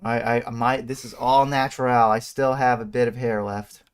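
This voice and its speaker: Young dude, mid voice, teasing banter, casual chat. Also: male voice, medium pitch, flat delivery, moderate pace, clean tone. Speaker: co-host.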